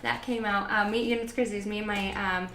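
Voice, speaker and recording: A woman's voice: mid-range voice, level tone, quick pace, fairly bright tone. A young woman giving a general spiritual reading to camera, rambling and hesitant, with many fillers and restarts. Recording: echoey room with faint ambient noise.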